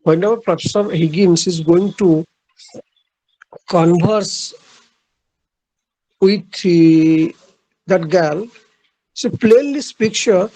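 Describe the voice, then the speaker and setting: A man giving a literature lecture, halting, with frequent fillers and repeated phrases. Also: high voice, mellow, rough recording.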